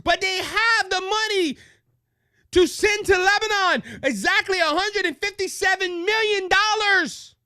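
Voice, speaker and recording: Cajun male political host, heated rant, bright sharp high voice, dry studio sound. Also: unhurried, no echo. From Louisiana. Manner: impassioned, raises voice, repeats words as he restarts. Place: studio with a monitor.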